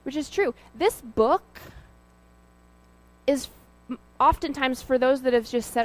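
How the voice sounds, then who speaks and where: A woman's voice: sits high, slow, pauses often, poor audio. A woman giving an informal sermon, talking in a conversational, storytelling way with fillers and asides. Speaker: lay preacher.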